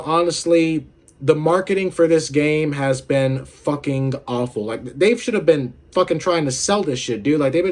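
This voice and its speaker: A young man talks through a casual video game commentary in a somewhat high voice. He rambles and swears freely, with plenty of filler words. He sounds a little run down, nursing a headache. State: unwell with a headache. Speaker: gaming video host.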